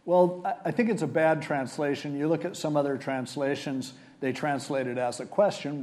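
A man delivering a sermon in a slightly high, mellow voice. He retells the scripture casually and conversationally, as if chatting with his listeners. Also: fairly even intonation, normal speed, hardly any pauses. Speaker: preacher.

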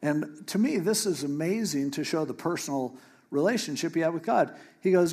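Male preacher, slightly high voice, animated and playful storyteller. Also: moderate pace, husky. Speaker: pastor. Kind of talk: sermon.

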